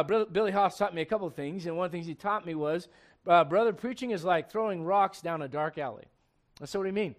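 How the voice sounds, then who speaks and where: A man preaching a sermon as pastor, with animated, loud emphasis and scripture read aloud. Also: sits high, fast.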